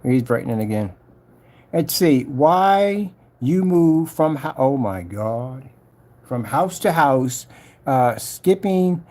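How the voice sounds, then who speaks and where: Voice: mid-range voice, animated, takes it slowly, darkish tone. A vlogger ranting casually to camera, scolding and mocking a troll while reading his comments aloud.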